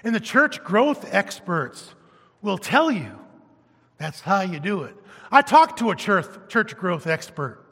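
Animated preacher man in an echoing hall. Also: sits high, slow, breathy edge. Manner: animated, emphatic, swinging from loud to hushed. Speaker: pastor. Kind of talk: sermon. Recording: long reverb of a church hall.

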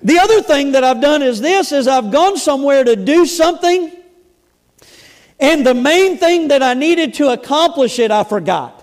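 A man's voice: very high-pitched, lively intonation, moderate pace. A middle-aged male pastor preaching a sermon, reading scripture aloud and commenting on it with humorous asides and conversational stories. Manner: storytelling, conversational, with restarts. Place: church sanctuary.

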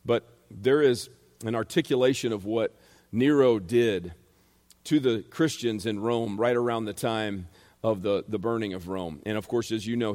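A man's voice: on the low side, darkish tone. A man preaching a sermon as pastor, emphatic, repeating phrases and asking rhetorical questions. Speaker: pastor and Bible teacher. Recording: reverberant hall.

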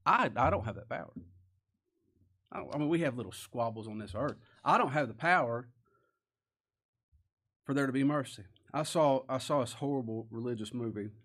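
A man preaching a sermon, swinging between quiet stresses and raised, impassioned emphasis. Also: mid-range voice, lively intonation, normal speed, pauses often. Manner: impassioned, rising and falling emphasis. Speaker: pastor.

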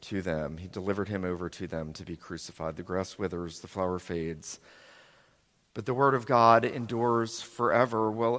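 A man preaches from the pulpit, reading a long scripture passage and then turning to the congregation with questions. His voice sits at an ordinary middle pitch, and he gives the quoted speech dramatic weight, growing louder and then softer. The sound carries the long reverb of a large hall. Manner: dramatic reading, voicing quoted lines with shifts in loudness. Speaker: pastor.

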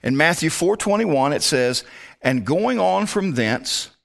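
A man's voice: a little high, animated, a little slow, vocal fry, a bit bright. A man teaching a Bible lesson as a pastor, talking his way step by step through a word study with muttered asides.

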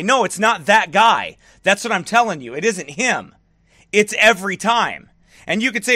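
Fired-up high-voiced male preacher. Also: expressive, brisk, no echo, clean studio sound. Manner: fired-up, shouting bursts, mocking soft baby talk. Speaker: pastor. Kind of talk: fiery preaching rant.

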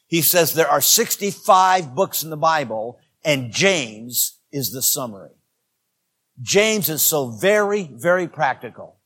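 A male pastor preaching a sermon, addressing his congregation directly and moving between loud exhortation and quieter asides. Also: fairly high pitch.

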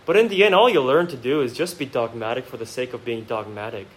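In a church sanctuary, a male pastor preaches to his congregation, addressing them directly with rhetorical questions and swinging from quiet, reflective asides to emphatic outbursts. He talks quickly at a medium pitch, and the recording is low quality.

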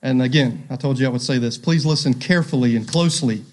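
A man's voice: mid-range voice, quick pace. A man preaching a sermon, emphatic and repeating his key phrases, reading scripture aloud with drama.

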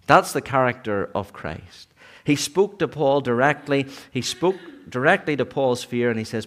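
A man preaching a sermon in church, earnest, sometimes rising to emphatic peaks and then dropping low. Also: expressive, normal speed.

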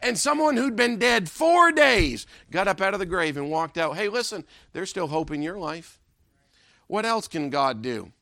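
Gravelly high-voiced emphatic preacher man. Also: animated, normal speed, sharp tone, no room sound, studio quality. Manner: emphatic, rhetorical, repeats a refrain question. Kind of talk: sermon.

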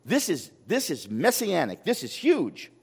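Animated man preaching in a reverberant church. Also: a little high, measured pace, creaky, husky. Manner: animated, rhetorical questions, repeats words when excited. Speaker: pastor. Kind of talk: sermon. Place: church sanctuary. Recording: long hall reverb.

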